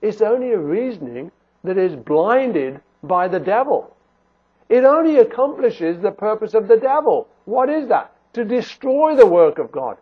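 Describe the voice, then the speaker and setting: Husky-voiced preacher on a tinny line. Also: male voice, sits high, big pitch swings, unhurried. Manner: earnest, pleading rhetorical questions, restarts. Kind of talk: sermon. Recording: phone-like narrow band.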